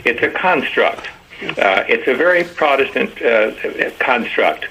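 An older priest speaks in a reflective, halting way, often restarting and repeating words. His voice is bright and forceful. Faint noise sits under the recording. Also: medium pitch, expressive, rough recording. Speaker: priest guest. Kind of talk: reflective personal testimony.

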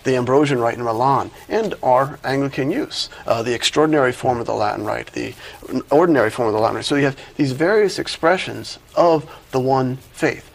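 A man, a priest, explaining church teaching in a measured way, listing examples. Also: medium pitch, vocal fry, rough recording. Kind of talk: explanatory discussion.

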